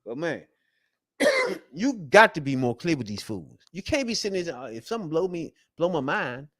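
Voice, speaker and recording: Profane, lively-voiced fan ranting. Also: male voice, fairly high pitch, moderate pace, dry recording, studio quality. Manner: profane, repetitive, rising to heated outbursts. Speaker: sports fan vlogger. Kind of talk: casual fan rant.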